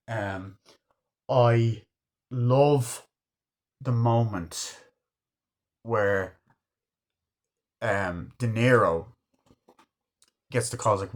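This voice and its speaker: A man's voice: fairly low pitch, extremely slow, long pauses. A man giving a casual, rambling film review, swearing freely as he retells scenes. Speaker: movie reviewer.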